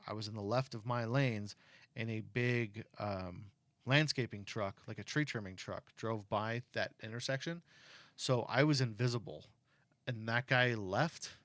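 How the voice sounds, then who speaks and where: A middle-aged man chatting casually with his kid, telling stories in an animated way and turning earnest and cautionary on safety. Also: lowish voice, no echo. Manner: animated storyteller who acts out quotes; earnest and cautionary when talking about safety. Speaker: parent talking with his kid. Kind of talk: casual chat.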